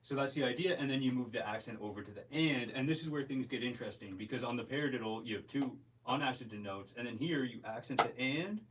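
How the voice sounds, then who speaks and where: A man teaching a drum lesson in a relaxed, step-by-step way, counting the beats aloud. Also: mid-range voice, fast talker, few pauses. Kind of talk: casual instructional talk. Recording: distant mic with loud clicking noise.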